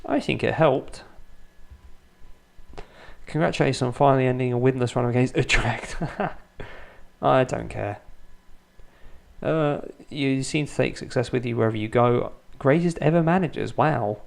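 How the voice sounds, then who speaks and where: Gravelly man commentating a game quietly. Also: mid-range voice, a little slow, pauses often. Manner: restrained, kept quiet so as not to wake his children; dry, self-mocking humour. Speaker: gaming YouTuber. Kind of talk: Let's Play commentary. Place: home at night.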